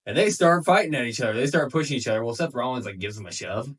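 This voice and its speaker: A man co-hosting a casual podcast, retelling events in an animated way and acting out the quotes. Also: mid-range voice, quick pace, few pauses, distant mic. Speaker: wrestling podcast co-host.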